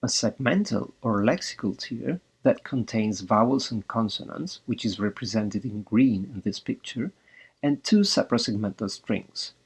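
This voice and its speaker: A man reading out a scripted academic presentation as a linguistics researcher, in a measured, read-aloud way. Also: lowish voice, animated, slightly rough.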